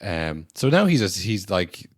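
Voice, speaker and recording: A man's voice: sits low, big pitch swings, a little slow, dry recording, studio quality. A man co-hosting a podcast, reviewing a film in casual chat, wry and rambling, swearing now and then. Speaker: podcast co-host.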